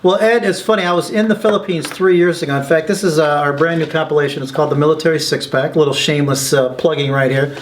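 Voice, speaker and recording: A documentary filmmaker being interviewed tells his stories excitedly, speaking fast with hardly any pauses in a fairly high-pitched voice. He acts out the people he quotes, giving them lively voices.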